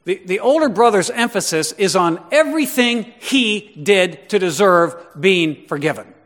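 A male preacher delivering a sermon with emphatic, questioning energy. His voice sits on the higher side for a man. It echoes with a long reverb, as in a large hall. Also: lively intonation, a little slow, fairly bright tone. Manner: emphatic, full of rhetorical questions.

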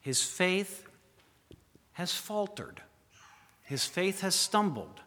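A man preaching a dramatic sermon with a bright, forceful tone. He fires questions at his listeners and drops to a hush for effect. His voice rings with the long reverb of a large hall. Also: sits high, animated, drawn-out words. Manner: dramatic, questions the listeners directly, swings from loud to hushed.

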